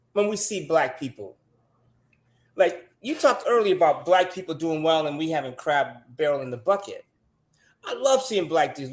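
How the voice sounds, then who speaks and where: A man with an American accent, his voice sitting a bit high for a man. He talks bluntly and tells stories with animation, in loose, casual chat. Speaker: podcast co-host.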